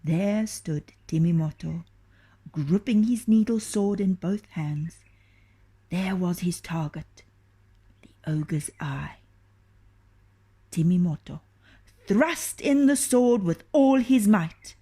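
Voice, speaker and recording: A woman reading a children's storybook aloud, expressive and often dropping into a hushed whisper. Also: lowish voice, slow, long pauses, slightly rough.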